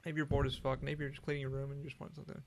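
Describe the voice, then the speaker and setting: A man's voice: medium pitch, monotone, racing, vocal fry. A man hosting a solo podcast, rambling casually with lots of profanity and frequent restarts. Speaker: podcast host.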